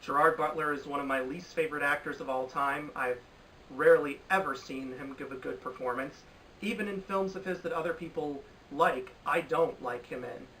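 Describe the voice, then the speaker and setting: Young male film commentator, bright sharp tone, voice set slightly back from the mic, faint room hiss, emphatic and sarcastic. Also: on the high side, moderate pace, far from the mic, poor audio. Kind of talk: opinionated commentary. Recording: voice a bit off-mic with faint ambience.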